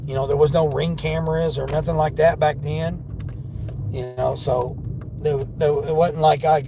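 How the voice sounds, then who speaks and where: A man with a Southern accent chats loosely to his livestream viewers from behind the wheel, wandering from story to story. His voice sits a bit high for a man. Steady road and wind noise fills in behind him. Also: measured pace, poor audio. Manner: rambling, chatty, talks to chat while driving. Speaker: livestreaming delivery driver. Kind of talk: casual livestream chat. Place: inside a car.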